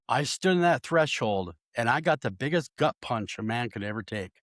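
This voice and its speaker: Male guest, casual storyteller, very expressive pitch, dry studio sound. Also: normal speed, few pauses, no echo. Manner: animated, acts out voices in his story. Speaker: paranormal investigator guest.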